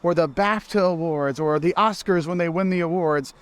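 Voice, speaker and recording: A man's voice: fairly high pitch, moderate pace. A man giving upbeat travel advice as a vlogger, explaining things eagerly.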